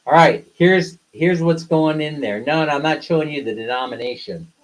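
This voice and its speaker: Poor audio captures a man with a fairly high voice talking at normal speed during a live stream. The co-host of a couple's channel, he rants bluntly at viewers in a casual way and follows up with playful teasing.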